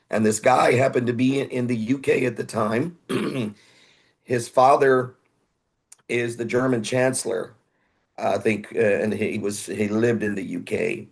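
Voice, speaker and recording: Gravelly man telling stories. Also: mid-range voice. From Houston, Texas. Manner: rambling anecdotes, acts out other people's voices. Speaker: guest musician. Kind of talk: casual interview storytelling.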